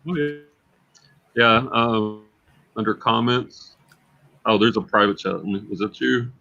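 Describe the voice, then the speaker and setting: Casual man host, low voice, chatty and self-repeating, slightly dull lo-fi audio. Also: unhurried, vocal fry, bright, forceful tone. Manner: chatty, repeats words as he thinks aloud. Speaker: livestream host and reseller. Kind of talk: casual livestream chat.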